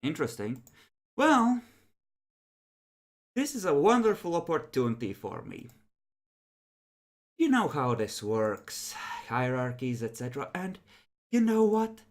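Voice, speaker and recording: A game master voicing a sly male vampire elder who talks in slow, insinuating phrases with a lively, swooping pitch.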